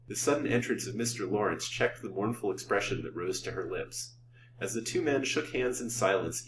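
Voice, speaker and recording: Man, storyteller, measured reading, low voice, roomy echo, distant mic, faint hum. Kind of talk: reading a classic novel aloud.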